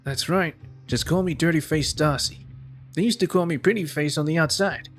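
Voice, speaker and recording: A man's voice: on the high side, moderate pace, fairly bright tone, faint music behind, voice pushed up. A man reading lines for a cocky male prisoner in a video game, in a brash, showy tone. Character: cocky male prisoner who loves nicknames.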